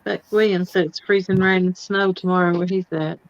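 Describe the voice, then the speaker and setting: A woman's voice: on the low side, steady tone, a little fast. Casual woman host, easygoing and chatty, recorded a bit muffled and lo-fi. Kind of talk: casual chat. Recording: slightly dull sound.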